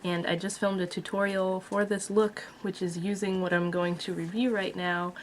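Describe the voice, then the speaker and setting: A woman's voice: medium pitch, level tone, normal speed, slight background noise. A woman vlogger casually reviewing a makeup palette, chatty and blunt with frequent fillers. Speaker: beauty vlogger.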